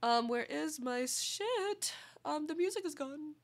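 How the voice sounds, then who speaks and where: A woman's voice: high voice, expressive, takes it slowly. A woman streaming live in casual chat, sick and congested with a nasal, duck-like voice, bubbly and giggly and swearing freely.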